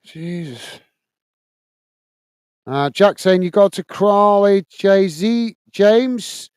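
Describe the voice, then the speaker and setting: An English football channel host in his forties reads through viewer comments during a live watch-along, grumbling about laggy software. His voice sits high and he talks slowly, with a clean tone on a dry recording.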